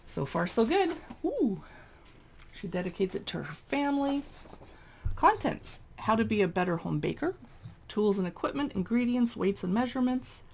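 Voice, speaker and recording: Casting: enthusiastic woman, lively pitch, slight vocal fry, casual review tone. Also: moderate pace, a little hiss or hum. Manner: chatty, enthusiastic, exclaims over recipes. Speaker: cookbook reviewer. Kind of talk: casual cookbook flip-through.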